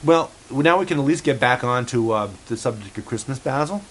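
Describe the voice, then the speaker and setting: A man hosting a home-made show in a rambling, halting way, full of fillers and restarts, passing on what his cat supposedly says. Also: mid-range voice, lively intonation, low-quality recording. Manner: halting, many fillers and restarts, relays a cat's remarks. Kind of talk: rambling casual monologue.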